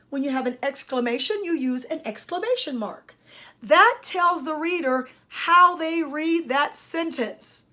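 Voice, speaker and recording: Addressing parents and students directly, an older woman who works as a speech-language pathologist teaches an emphatic grammar lesson. Her voice is high and a bit bright.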